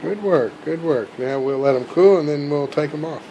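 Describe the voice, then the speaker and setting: A man's voice: a little high, normal speed, dark tone, slight background noise, poor audio. A middle-aged man, a dad, talking casually and folksily while baking cookies at home with his daughter for a vlog. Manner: easygoing, homely folksy talk. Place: home kitchen.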